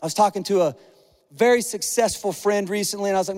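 Animated high-voiced man preaching in hall. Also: fast talker. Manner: animated, conversational, acts out quoted voices. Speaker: pastor. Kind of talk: sermon.

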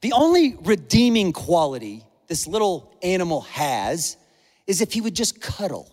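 Middle-aged male pastor, high voice, earnest and emotional sermon delivery, heard in a reverberant church hall. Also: very animated, moderate pace, a little mellow. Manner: emotional, earnest, conversational preaching.

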